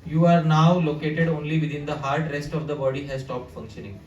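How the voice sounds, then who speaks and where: Animated man giving a sermon in an echoey room. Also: fairly high pitch, a little fast, lo-fi sound. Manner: animated, addresses the audience with questions. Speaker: devotional speaker. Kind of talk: storytelling sermon. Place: living room at a house gathering. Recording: echoey room, distant mic, faint hiss.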